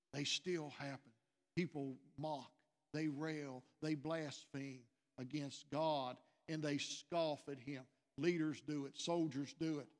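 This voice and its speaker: A man preaching a sermon as pastor, earnest and repetitive, growing louder on key lines. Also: fairly high pitch. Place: church sanctuary. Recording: long church reverb.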